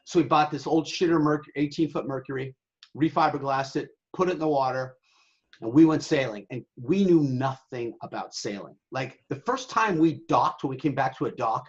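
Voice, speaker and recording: A man telling profane, animated stories in a casual interview and acting out the people in them. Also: medium pitch, moderate pace, breathy edge, dull audio. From Southern California. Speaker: interview guest, sailing website owner. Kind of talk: casual storytelling.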